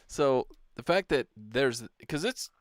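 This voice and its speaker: Laid-back man with a lively voice. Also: mid-range voice, slow pace, no echo, clean studio sound. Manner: laid-back, agreeable, chuckling often. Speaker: podcast co-host. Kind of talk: casual podcast banter.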